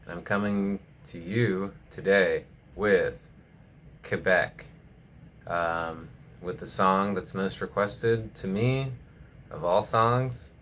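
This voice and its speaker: A man giving a casual guitar lesson at home, joking and laid-back, with slow speech full of fillers. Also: low voice, a bit bright, slight background noise. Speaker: guitar teacher. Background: guitar playing.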